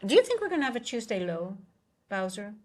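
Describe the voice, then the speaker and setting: A woman's voice: medium pitch, big pitch swings, fast talker, darkish tone. A woman from the Netherlands with a Dutch accent, talking casually on a live futures trading stream, answering chat and often correcting herself.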